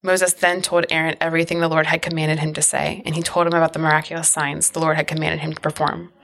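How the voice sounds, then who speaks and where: A woman reads scripture aloud at a steady, measured pace. Her voice sits low and stays flat, with little rise or fall between lines. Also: creaky. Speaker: scripture reader.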